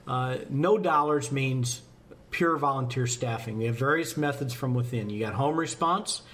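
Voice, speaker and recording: Talking about how volunteer staffing works, a firefighter on a casual podcast rambles in a folksy manner and pokes fun at himself. His mid-range voice is a bit bright, and he talks at normal speed.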